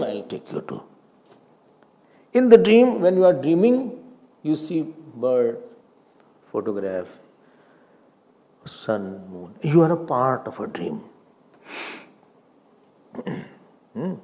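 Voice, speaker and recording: A man's voice: medium pitch, creaky, warm tone. A middle-aged man with an Indian accent, a swami giving a spiritual discourse on scripture, acting out questions and answers with a student. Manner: mixes in Hindi and Sanskrit verses.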